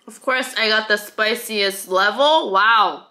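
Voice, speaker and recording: A woman's voice: on the high side, expressive, slow, few pauses, bright, forceful tone. A young woman hosting a casual eating vlog, bubbly and chatty as she eats and talks to her viewers. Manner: bubbly, greets viewers as honeybees. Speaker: mukbang host.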